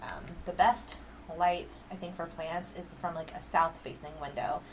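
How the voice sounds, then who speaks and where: A woman co-hosting a casual chat podcast from her apartment, telling stories in an animated way, acting out quotes and laughing often. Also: on the low side, normal speed, slight background noise, poor audio. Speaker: podcast co-host.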